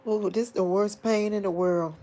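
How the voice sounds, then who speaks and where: A woman talks straight to her online viewers, grieving and on the edge of tears. Her speech is rambling and halting, full of restarts and heavy sighs, and her voice keeps breaking as she cries. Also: medium pitch, fairly even intonation, dark tone, a little hiss or hum. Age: adult. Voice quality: emotional, sighing, voice breaking into crying. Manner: rambling, halting restarts, addresses audience as y'all. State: grieving, crying. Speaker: vlogger talking to online viewers. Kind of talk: tearful live-stream monologue.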